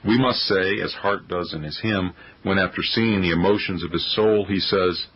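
A man's voice: sits low, moderate pace, husky, dull audio. A man reading a sermon aloud in a solemn, formal oratorical manner. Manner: solemn, formal oratory with old-fashioned wording.

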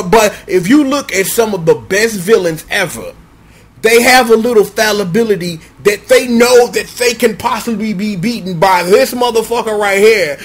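Profane, animated male show reviewer. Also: high voice, husky.

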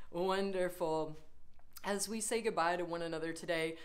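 A middle-aged woman leading a laughter yoga session, giving encouraging, unhurried instructions. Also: fairly low pitch, steady tone, slight background noise. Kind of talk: guided laughter exercise.

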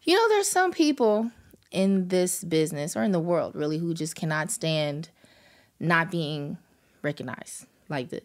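Low-voiced woman telling a story. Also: moderate pace. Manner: animated storyteller, laughs through her story. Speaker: podcast guest. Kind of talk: casual storytelling chat.

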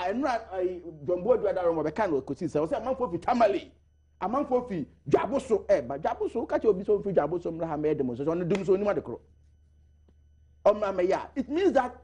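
Animated, fast-talking man. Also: sits high, husky. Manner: animated, interrupting, emphatic. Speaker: studio panelist. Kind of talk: heated political debate.

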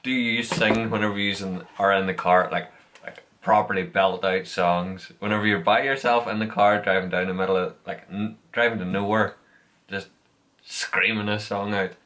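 A man's voice: lowish voice, steady tone, moderate pace, fairly bright tone. A young man, chatting casually and teasing his girlfriend in good humour. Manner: laid-back, complaining in good humour. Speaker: vlogger's boyfriend. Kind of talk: casual chat.

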